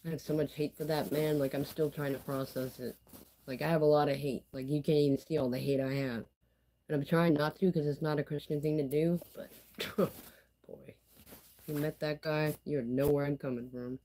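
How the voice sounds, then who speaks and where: A woman's voice: sits low, fairly even intonation, fairly quick, warm tone, a little hiss or hum, rough recording. A woman talking candidly in a casual personal vlog, rambling and filling her speech with "you know" and "like.". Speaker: vlogger.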